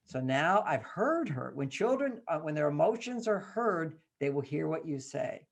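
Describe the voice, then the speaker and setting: A man, a guest in an interview, telling a parenting story in an animated way and acting out the dialogue. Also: fairly high pitch, normal speed, creaky, few pauses. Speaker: guest author.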